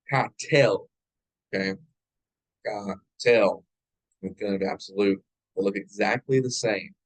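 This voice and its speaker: A man's voice: lowish voice, dry recording, low-quality recording. A man teaching a church Hebrew class, drilling verb forms aloud and checking in with his students as he goes. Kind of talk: classroom grammar lecture. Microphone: live class recording.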